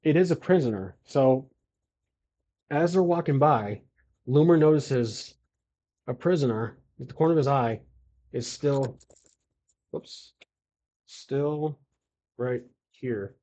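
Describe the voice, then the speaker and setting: A man's voice: medium pitch, slow, long pauses, dark tone. Hesitant man narrating a solo tabletop game. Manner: hesitant, filler-heavy, self-correcting.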